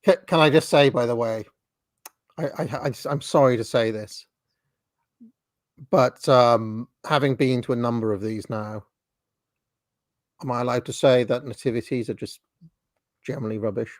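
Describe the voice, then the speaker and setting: A man in his forties hosts a relaxed chat over a video call, dry and wry, often chuckling and restarting his sentences. His voice sits mid-range and the sound is close and dead, with no room around it. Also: mid-range voice, moderate pace, pauses often, no room sound. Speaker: host. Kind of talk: casual chat commenting on videos.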